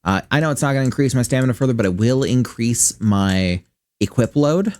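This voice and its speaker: An expressive, fairly quick mid-range male voice, a little mellow. The speaker, a Michigan man with a general Midwestern American accent, rambles casually over a game stream, cursing often and thinking aloud.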